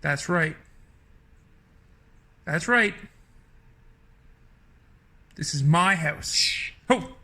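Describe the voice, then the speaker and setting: A man talking casually outdoors on his home deck, exasperated and full of mock-tough bravado, often shouting. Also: fairly high pitch, animated, extremely slow, long pauses. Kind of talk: casual talk to a bird.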